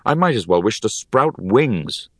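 A man narrating a first-person fantasy audiobook in a calm, measured storytelling manner. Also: on the low side, no room sound, studio quality.

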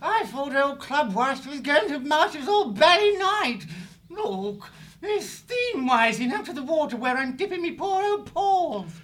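A squeaky complaining hare. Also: male voice, big pitch swings, a little slow, fairly bright tone, full character voice. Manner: plummy complaining drawl. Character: weary, grumbling young male hare recruit.

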